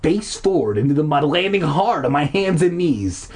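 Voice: medium pitch, sing-song, moderate pace, few pauses, darkish tone, slight background noise. A reader narrating a children's horror book aloud, breaking off now and then for sarcastic asides.

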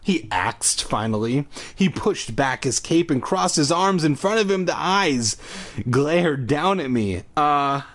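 A man's voice: fairly high pitch, animated, a little slow. A man reading a children's horror book aloud for laughs, drinking as he goes and breaking off for profane, mocking asides. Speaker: reader. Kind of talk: comedic read-aloud of a kids' horror book.

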